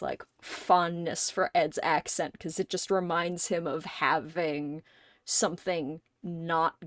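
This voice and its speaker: A woman streamer chatting casually, her voice sitting a little low and her speech unhurried. She rambles and thinks aloud, dropping the odd casual swear, close and dry on the mic. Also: dry recording. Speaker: live streamer. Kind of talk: casual chat on a game stream.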